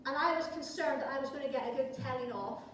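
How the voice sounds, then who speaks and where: High-voiced woman preaching in an echoey church. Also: fast talker, fairly bright tone, a little hiss or hum. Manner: conversational with playful asides. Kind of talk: sermon. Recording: echoey church hall from far off.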